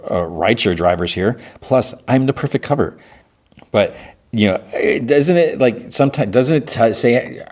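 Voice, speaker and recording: A man hosting a podcast, casually retelling a TV episode and acting out the characters' lines in loose impressions. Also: sits low. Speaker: podcast host.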